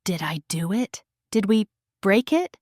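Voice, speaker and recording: A woman's voice: mid-range voice, sing-song, a little slow, darkish tone, dry recording, studio quality. A woman voicing a remorseful young sister, pleading brokenly in a storybook romance. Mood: small, hushed.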